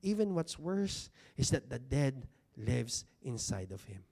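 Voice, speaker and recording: A man's voice: medium pitch, sing-song, creaky, warm tone. A man preaching a sermon to a congregation, talking conversationally, asking rhetorical questions and stretching out key words for emphasis. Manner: stresses key words with slow, drawn-out delivery. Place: church hall with congregation seated.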